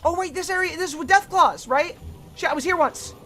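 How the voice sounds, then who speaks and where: A young woman streaming herself playing a video game, excitable and swearing freely as she talks to the enemies on screen. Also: very high-pitched, brisk, faint music behind. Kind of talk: casual gameplay commentary.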